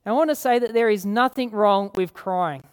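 A woman preaching a sermon, earnest, repeating key phrases and slowing down to read scripture. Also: mid-range voice, smooth. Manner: slows down to read scripture aloud.

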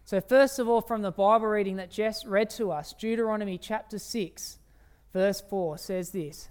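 At an evening sermon, a preacher with a smooth, resonant, mid-range voice and a darkish tone speaks emphatically. He stretches key phrases out slowly and poses rhetorical questions to his listeners.

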